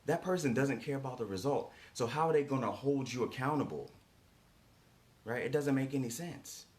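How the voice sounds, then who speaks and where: This man's medium-pitched voice moves at normal speed as he coaches with emphatic, repetitive motivation. Key lines come back again and again, punctuated by rhetorical "right?" questions.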